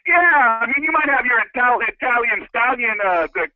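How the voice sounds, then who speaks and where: A man's voice: very high voice, expressive, moderate pace, no room sound. A man calling into a radio show, teasing the host with pushy banter. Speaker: caller. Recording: tinny phone line.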